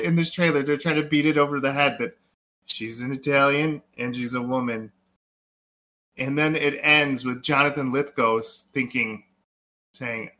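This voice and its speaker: A man's voice: mid-range voice, fairly even intonation, moderate pace, bright, forceful tone. Rambling man chatting about movies. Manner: rambling, full of "like" and "um". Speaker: podcast co-host. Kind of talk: casual movie chat.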